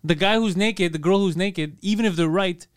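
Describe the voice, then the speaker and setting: A man's voice: sits high, moderate pace, clear, resonant tone. A man co-hosting a comedy podcast, riffing playful observational bits in casual chat. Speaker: podcast co-host.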